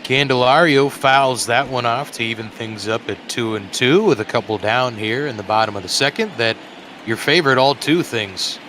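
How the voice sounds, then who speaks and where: A man's voice: medium pitch, normal speed, slight background noise. Chatty man calling a baseball game. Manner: relaxed, chatty, frequent fillers and restarts. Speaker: play-by-play commentator. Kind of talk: casual sports commentary. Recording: music clearly in the background.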